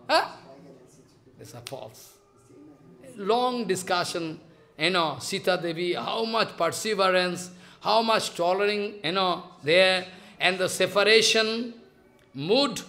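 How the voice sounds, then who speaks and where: A man's voice: sits high, sharp tone. A man giving a devotional lecture, telling stories with repeated emphatic phrases and rising questions. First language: Bengali. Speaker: spiritual lecturer.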